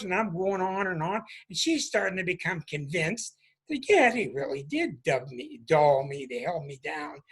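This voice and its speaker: A man's voice: high voice, fairly bright tone, breathy edge. A man who hosts an astrology show, telling a story to a group in an emphatic way and acting out sounds. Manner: emphatic, repeats sounds for effect. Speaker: astrologer and host.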